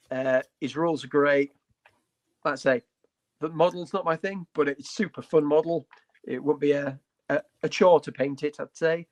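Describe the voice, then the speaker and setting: A man co-hosting a casual hobby podcast, talking with enthusiasm, blunt jokes and playful asides. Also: a little high. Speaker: podcast co-host.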